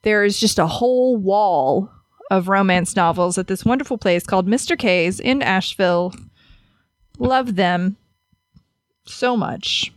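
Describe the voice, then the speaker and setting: A woman's voice: mid-range voice, measured pace, no room sound, clean studio sound. A woman co-hosting a casual podcast chat, joking and giggling with her friend. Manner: giggly, joking, talks over co-host. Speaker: podcast co-host. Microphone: studio mic.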